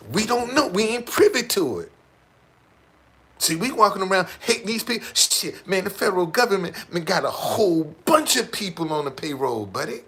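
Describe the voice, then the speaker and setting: A man telling stories casually to a small group, animated and profane, repeating words as he goes. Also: a little high, husky.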